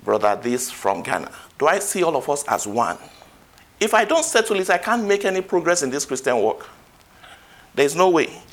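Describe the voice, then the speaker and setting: A man's voice: on the high side, big pitch swings, moderate pace. A man preaching a sermon, quoting scripture and rising to emphatic peaks.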